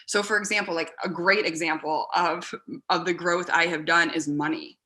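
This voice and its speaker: A woman talking as a podcast guest in a casual, animated way, laughing often and acting out remembered exchanges, with her husband beside her. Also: fairly low pitch, normal speed. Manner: animated, laughing, acts out quoted lines. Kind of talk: casual conversation.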